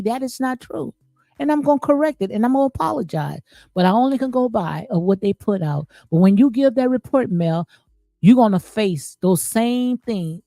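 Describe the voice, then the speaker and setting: Light music runs behind a woman whose warm, mid-range voice comes through dry with no room sound. As host of a casual reality-show commentary stream, she reads live chat and stays emphatic, repeating phrases and frequently saying "okay?" and "absolutely."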